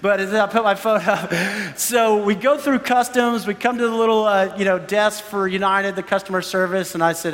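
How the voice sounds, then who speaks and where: A man preaching a sermon, telling a personal story with lively acted-out quotes of other people. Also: high voice, normal speed. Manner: animated storyteller acting out quoted voices. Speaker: pastor. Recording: long hall reverb.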